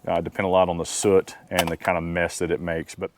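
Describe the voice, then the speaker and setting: A man hosting a casual outdoor gear review, talking in a relaxed, rambling way with plenty of fillers. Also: low-pitched, a little fast, slight background noise.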